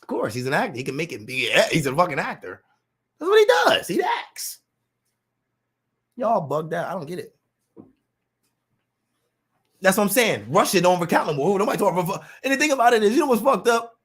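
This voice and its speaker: A man's voice: high voice, fast talker, breathy edge. A man in a casual monologue rant, full of profane street slang, acting out what people say. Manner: animated, profane street slang, acts out quotes.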